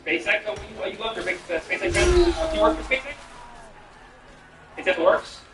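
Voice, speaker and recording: A man's voice: very high voice, sing-song, a little fast, far from the mic, noisy background. A man streaming a game and chatting with viewers, a comedian with profane, rambling, incredulous banter. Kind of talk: casual gameplay chat with viewers. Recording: echoey room, off-mic, music behind.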